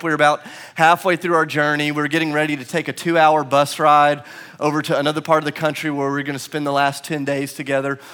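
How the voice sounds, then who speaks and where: A man's voice: a little high, sharp tone, clean tone. A male pastor preaching a sermon, telling a story with self-deprecating humor and building to emphatic repetition.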